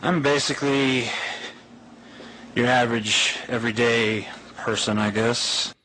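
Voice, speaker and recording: A young man with a bright, sharp voice talks in a smug, dismissive way. The old webcam recording carries a faint hiss of noise underneath. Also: medium pitch, steady tone, measured pace, low-quality recording. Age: young adult.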